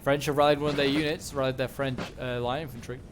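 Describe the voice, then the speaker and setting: Over loud in-game gunfire and battle noise, a man muses casually while commentating a video game fight, using many fillers and correcting himself. He talks fast at a medium pitch with a steady tone.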